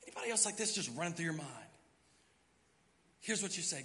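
A middle-aged man preaching a sermon as pastor, telling a story in an animated way and acting out his own panicked thoughts. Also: high voice, fairly quick, long pauses. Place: church sanctuary. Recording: long hall reverb.

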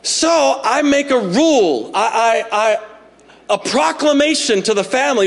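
A man in his forties preaches a sermon in a high, bright voice. He tells funny family stories and keeps turning to the congregation with asides. The sound carries a long reverb from a large church hall. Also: a little slow, creaky. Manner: humorous, animated storytelling with asides to the congregation. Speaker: pastor. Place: church sanctuary.

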